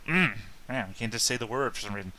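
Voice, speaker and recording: A man's voice: mid-range voice, lively intonation, fast, pushed and bright, poor audio. A man playing a tabletop game, chatting casually and laughing at himself. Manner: laughing, self-conscious. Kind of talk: casual chat.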